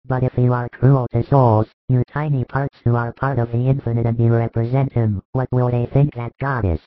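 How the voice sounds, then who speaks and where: A man voicing a calm, patient male spiritual teacher. He speaks in measured, instructive sentences in a dramatized religious reading, on a tinny recording. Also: mid-range voice, dry recording, natural voice. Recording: tinny phone-like dry recording.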